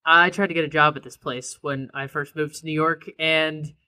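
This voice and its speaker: A young man co-hosting a casual beer podcast, relaxed and chatty, with plenty of ums and uhs. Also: on the high side, moderate pace, clear, resonant tone. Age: young adult. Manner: relaxed, frequent filler ums and uhs, laughs easily. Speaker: podcast co-host.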